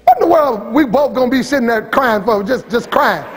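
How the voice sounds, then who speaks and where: Inside a church sanctuary, a middle-aged male pastor preaches in a folksy, fiery style, shouting at one moment and turning low and teasing the next. His husky voice is animated and brisk.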